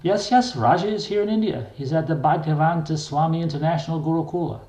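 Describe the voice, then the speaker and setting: A man reading a memoir voices an Indian temple guru with a British-style accent, quick and emphatic. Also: on the high side, warm tone, reverberant, voice pushed up, lightly acted, poor audio. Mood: brisk. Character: Indian male temple guru, brisk and helpful.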